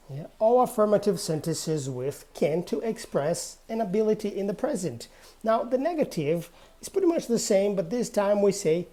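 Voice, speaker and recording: A woman's voice: lowish voice, lively intonation, normal speed, dark tone. A woman English teacher giving a spoken grammar lesson, modelling example sentences aloud and often saying "yeah".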